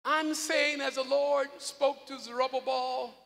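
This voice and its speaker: A male pastor preaching a live sermon, calling on congregation members by name and breaking into loud shouts. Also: very high-pitched, fairly even intonation, unhurried, creaky. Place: large church hall. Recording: live in a reverberant hall with congregation.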